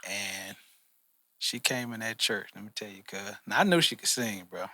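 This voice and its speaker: A man's voice: lowish voice, normal speed, pushed and bright, no echo. A man co-hosting a podcast, telling a story in loose slang and calling people "bro". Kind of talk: casual chat.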